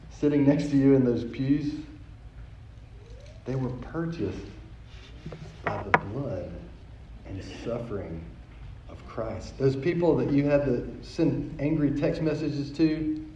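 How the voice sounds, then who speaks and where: A man's voice: medium pitch, dark tone, slight background noise. A man preaching a sermon as pastor, telling a story in a conversational way and often repeating words as he goes. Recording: echoey, dull sound from a distant mic.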